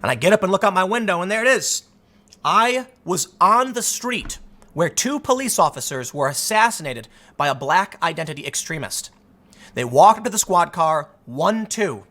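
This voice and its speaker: Male commentator, thirties, mocking and animated, slightly high and bright. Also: normal speed. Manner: sarcastic, mocking, animated storytelling. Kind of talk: casual commentary.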